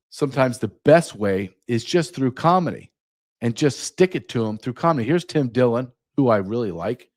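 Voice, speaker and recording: A man's voice: medium pitch, darkish tone. A man hosting his own podcast, delivering a combative, sarcastic political rant. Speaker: podcast host.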